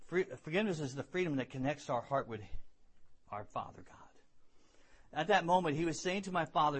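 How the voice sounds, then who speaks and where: A man preaching a sermon and telling his own story earnestly, rising to loud emphasis and dropping to hushed lows, often repeating words as he builds. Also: a little fast, slightly rough. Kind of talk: sermon with personal testimony.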